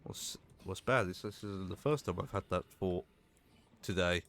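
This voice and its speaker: Guy talking over his game, lowish voice, bit of hiss behind, jokes around. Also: moderate pace, a bit bright. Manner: chatty, jokey, swears when startled. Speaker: gaming streamer. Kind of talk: casual gameplay commentary.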